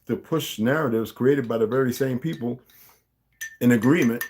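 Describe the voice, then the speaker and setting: A man's voice: medium pitch, normal speed, a little mellow. A man hosting a stream, reading a novel aloud in a casual way and often stopping to comment and correct himself.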